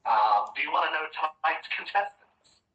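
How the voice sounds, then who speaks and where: A high, squeaky goblin hustler, male and wound up, pitches his arena bets in quick huckster patter, as a man puts him on. His voice swoops up and down. It sounds roomy and dull, as if caught from a distant mic. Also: lively intonation, lightly acted. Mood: hustling. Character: excitable male goblin running an arena betting game.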